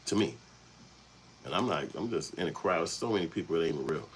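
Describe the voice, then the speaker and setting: Male host from Chicago's South Side, very low voice, loose profane storytelling, faint background hiss. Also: animated, fast, low-quality recording. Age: adult, past young adulthood. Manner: rambling, profane, street-casual. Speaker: channel host. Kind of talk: casual storytelling commentary.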